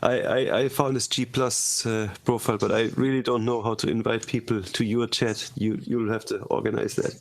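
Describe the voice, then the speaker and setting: A man's voice: lowish voice, level tone, moderate pace, few pauses. Joking man who stammers. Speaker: guest musician. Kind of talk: casual chat.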